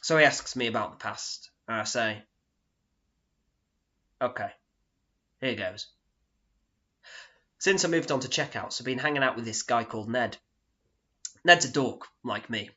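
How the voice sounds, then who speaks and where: On a dull, lo-fi recording, a man performs a solo theatre monologue, narrating with deadpan, sardonic self-mockery. His pitch is medium and his delivery unhurried, broken by long pauses.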